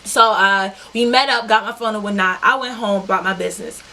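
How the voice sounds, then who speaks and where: A young woman telling a story to her viewers in an animated, profane, talk-straight-to-you way. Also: mid-range voice, brisk. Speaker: vlogger. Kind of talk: storytime vlog.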